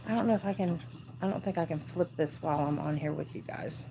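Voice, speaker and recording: A woman's voice: deep voice, quick pace, vocal fry, background noise. Woman, forties, American accent, chatty, easily distracted, laughs a lot, casual home livestream. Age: 40s. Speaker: crafting livestream host. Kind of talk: casual live chat. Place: dark room at home.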